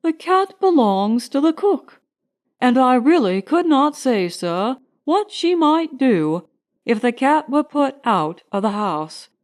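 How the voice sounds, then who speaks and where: A woman reading an audiobook voices a polite, anxious male butler who speaks in a halting, apologetic, formal way. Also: sits high, very animated, exaggerated voice. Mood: pleading.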